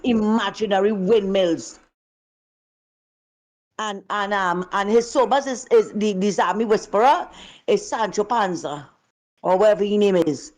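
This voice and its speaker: A woman's voice: mid-range voice, a little slow, long pauses, a little mellow. A woman calling in to a show, speaking emphatically and indignantly. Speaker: caller. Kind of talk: call-in political commentary.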